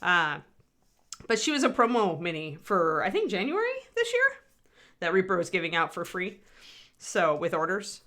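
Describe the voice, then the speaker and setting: Middle-aged woman, bright voice, rambling livestream host who chats with viewers. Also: fairly low pitch, very animated, normal speed. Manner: chatty, rambling, answers chat. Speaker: livestream host painting miniatures. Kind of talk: casual livestream chat.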